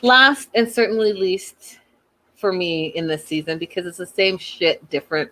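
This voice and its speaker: A woman hosting a casual recap of a reality show, chatty and animated, slipping into exasperated rants. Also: lowish voice, normal speed.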